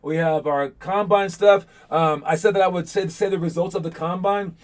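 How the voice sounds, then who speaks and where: A young man leads a basketball lesson for his players, his voice sitting fairly high for a man. He talks in a loose, animated way and keeps acting out the calls players shout on the court. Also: normal speed. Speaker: basketball coach.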